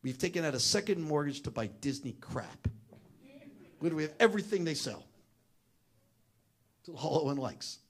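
A middle-aged man telling a family story as a talk, animated and acting out the voices of the people in it. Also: a little high, normal speed, pauses often, breathy edge.

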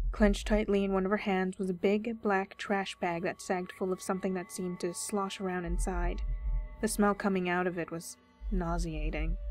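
A woman reading a first-person horror story aloud with steady, measured storytelling. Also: medium pitch. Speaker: story reader. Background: faint background music.

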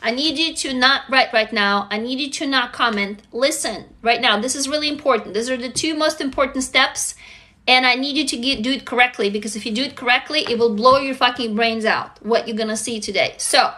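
High, bright-voiced woman streaming live. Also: fairly quick. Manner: upbeat, reads out viewer comments, swears freely. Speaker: live stream host leading a writing exercise. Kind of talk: casual live stream coaching.

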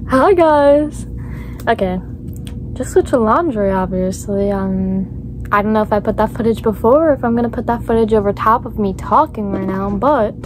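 A young woman chatting casually to camera in a vlog, bubbly and excitable, full of "like" fillers. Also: a little high, slight background noise. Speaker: vlogger.

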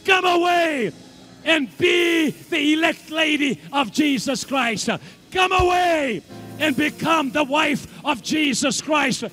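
High-voiced fervent shouting preacher. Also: male voice, faint music behind. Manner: fervent, shouting calls to rise up; reads scripture slowly and drops low. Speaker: apostle preaching. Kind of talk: sermon. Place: large church hall. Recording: long hall reverb.

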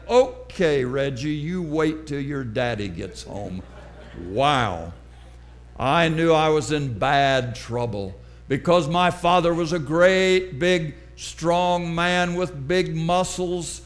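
A middle-aged man preaching a sermon, telling a personal story slowly and dramatically. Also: fairly high pitch. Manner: slow, deliberate, dramatic storytelling.

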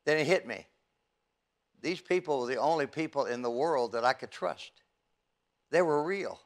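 An older man and youth evangelist giving an earnest, halting testimony from the pulpit, with frequent stammers and restarts. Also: a little high. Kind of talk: testimony sermon.

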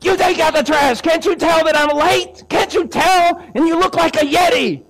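A man preacher playing a frazzled, angry husband who is late for work and shouts indignantly. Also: very high voice, normal speed, pitched above the performer's own voice. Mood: indignant yelling.

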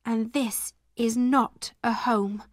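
Storybook girl: a woman voicing a brave, quiet servant girl, high and gentle. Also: steady tone, takes it slowly, no echo, studio quality. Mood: earnest. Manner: quiet and earnest.

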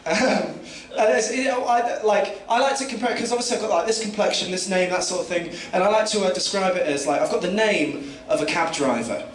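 A man's voice: high-pitched, a little fast, hardly any pauses. A young man from Kent with a southern English accent, doing a rambling, self-mocking stand-up set full of fillers and restarts. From England, Kent. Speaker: stand-up comedian. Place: comedy club stage. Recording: roomy, distant mic, noisy room.

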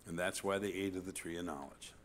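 Animated preaching man, loud to hushed. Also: sits low, fast talker, slight background noise. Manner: repeats "See?" to the congregation. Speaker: pastor. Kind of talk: sermon.

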